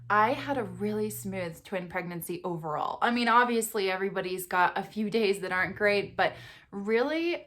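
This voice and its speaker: Young adult woman, mom vlogger, casual and chatty, expressive storytelling with frequent laughs. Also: medium pitch, a little hiss or hum. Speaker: vlogger and mother of twins.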